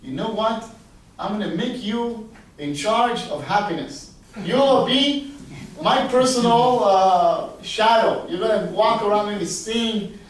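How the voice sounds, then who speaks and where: A man's voice: high-pitched, takes it slowly, voice pushed up. A man voicing a bad-tempered, commanding king, heard from a distant mic in a very echoey space. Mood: excited. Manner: loud and demanding.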